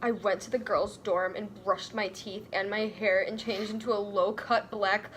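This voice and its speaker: A woman reading a fan story aloud for comedy, giggling and yelling the quoted lines. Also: mid-range voice, flat delivery, moderate pace, a little hiss or hum. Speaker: comedy reader.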